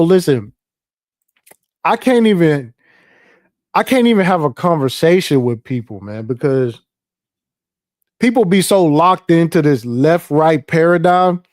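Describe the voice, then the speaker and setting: Livestream host, male, slightly high voice, dry close sound, swears a lot and rambles. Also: no room sound. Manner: animated, profane, rambling. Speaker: live stream host. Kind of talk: casual livestream commentary.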